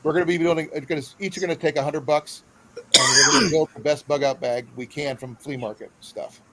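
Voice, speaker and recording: A man's voice: on the high side, fairly even intonation, fairly quick, crowd noise, rough recording. A man from Iowa hosting a casual live stream, talking in a rambling, friendly way with lots of fillers. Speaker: host.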